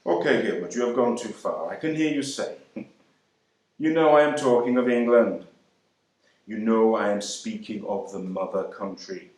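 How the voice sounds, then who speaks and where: A man's voice: fairly low pitch, normal speed, darkish tone, natural voice. A man reading a dramatic monologue as a young ex-serviceman, wry and speaking straight to the listener. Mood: wry, bitter. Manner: wry, conversational address to the listener. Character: young male ex-serviceman, wry, proud, disillusioned. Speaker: actor reading a novel monologue. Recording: roomy echo.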